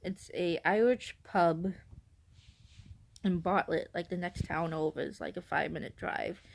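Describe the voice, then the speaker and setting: Rambling, giggly woman with a lowish voice. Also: measured pace, vocal fry, slight background noise. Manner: rambling, self-correcting, giggly; nervous on camera. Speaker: vlogger. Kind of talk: casual rambling vlog talk.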